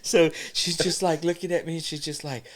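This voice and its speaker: Dude spinning a story on a podcast, lots of bro and cussing, animated. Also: male voice, a little high, a little fast, a little hiss or hum. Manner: animated, slangy, swears freely. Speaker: podcast co-host. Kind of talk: casual storytelling.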